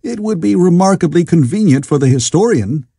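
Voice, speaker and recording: A man's voice: high voice, animated, a little fast, mellow, slightly rough, no room sound, clean studio sound, pitched above the performer's own voice, full character voice. A man reading as a doubtful Victorian psychologist.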